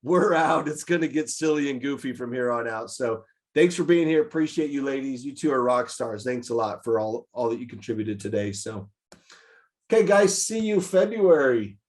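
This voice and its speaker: A man leads a casual meeting of directors in a mid-pitched, everyday voice. He tells stories with energy and slips into the people in them as he goes. The talk sounds loose and friendly. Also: normal speed. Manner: lively storyteller, acts out scenarios. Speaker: meeting host, childcare director. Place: online meeting.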